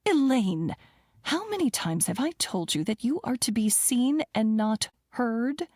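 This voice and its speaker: A woman's voice: fairly high pitch, big pitch swings, unhurried, darkish tone, dry recording, studio quality, pitched above the performer's own voice. A woman reading an audiobook voices a cold, snobbish older mother who scolds in clipped, hissing tones. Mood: disdainful.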